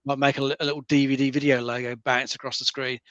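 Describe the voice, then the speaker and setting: A man's voice: mid-range voice, level tone, fast, fairly bright tone, dry recording, highs cut off. Laid-back man with many fillers. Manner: easygoing, lots of "like" and "you know" fillers. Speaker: co-host. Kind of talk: casual gaming podcast chat.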